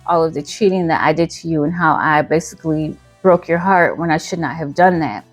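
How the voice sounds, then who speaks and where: Brief: woman reading an injured husband, quiet and remorseful, lowish, dry sound. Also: fairly quick, no echo, soft background music. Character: apologetic husband recovering from an accident.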